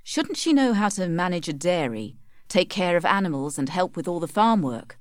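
An earnest, hopeful young farmer in love, as a woman reader puts him on. He speaks gently and persuasively in a low, lively voice. The sound is close and dry. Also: moderate pace, dry recording.

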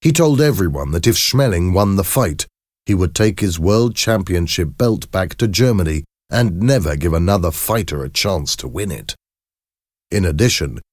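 Deep-voiced man narrating history. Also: darkish tone, no echo, studio quality. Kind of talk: scripted narration.

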